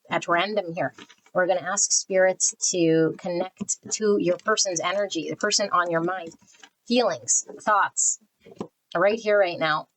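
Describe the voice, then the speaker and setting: Low-pitched woman giving a chatty tarot reading. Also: a little hiss or hum. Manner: chatty, repeats and restarts phrases, intuitive rambling; calls on spirit in a soft prayerful tone. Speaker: tarot reader. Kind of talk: casual spoken tarot reading.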